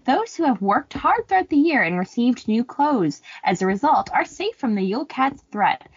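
A woman's voice: fairly high pitch, normal speed, husky, no echo. A young woman hosts a casual podcast, reading folklore notes and breaking off for sarcastic jokes. Her voice swoops about with a faint huskiness. The recording is dry and a little dull. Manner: animated, joking, sarcastic asides. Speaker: podcast co-host.

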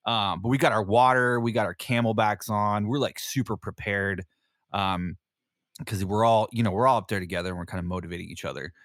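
A low-voiced man hosts a podcast and rambles through a story from his Navy days, swearing and laughing as he goes. He fills his talk with ums and restarts. The sound is dry and close, with no room around him. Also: steady tone, a little fast, a bit bright, no room sound. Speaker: podcast host; Navy veteran. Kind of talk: casual storytelling chat.

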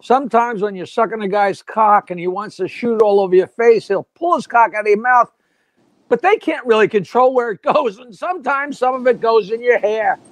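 A man voicing a mother calmly explaining things to her daughter in a joke. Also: very high voice, moderate pace, no echo, voice pushed down. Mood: reassuring. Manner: calm, explanatory. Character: calm matter-of-fact mother texting her daughter.

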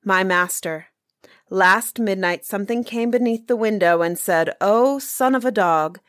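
A woman's voice: medium pitch, a little slow, fairly bright tone, dry recording, clean studio sound, close to an everyday voice. A woman reading the lines of a loyal male huntsman servant in earnest, formal old-fashioned speech.

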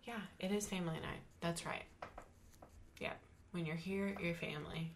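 A woman's voice: lowish voice, moderate pace, slight background noise. A young woman, co-hosting a chatty podcast and telling stories animatedly. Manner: animated storyteller, swearing, acting out voices. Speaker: podcast co-host. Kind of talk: casual chat.

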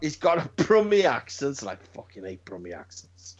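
A man's voice: mid-range voice, big pitch swings, a little fast, lo-fi sound. A man co-hosting a casual wrestling chat, blunt and sweary, stumbling over his words as he builds into rants. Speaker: podcast co-host.

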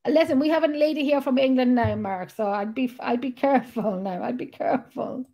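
A woman's voice: high-pitched, brisk, gravelly, dark tone. An Irish woman hosting a podcast, chatting casually in a blunt, jokey way with casual swearing. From Ireland. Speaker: podcast host. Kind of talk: casual chat.

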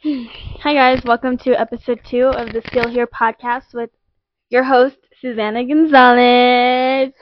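A young woman with a fairly high voice hosts a relaxed podcast from a basement couch. She talks in a chatty, giggly way, full of "um" and "like". The sound is dull and lo-fi, dry and close. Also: unhurried, no echo. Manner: chatty, giggly, many fillers like "um" and "like". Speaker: podcast host. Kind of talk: casual chat.

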